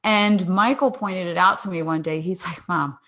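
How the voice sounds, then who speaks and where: A woman in her forties, a podcast guest, telling a family story in a lively way, acting out dialogue and often laughing. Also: on the low side, normal speed. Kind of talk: casual interview storytelling.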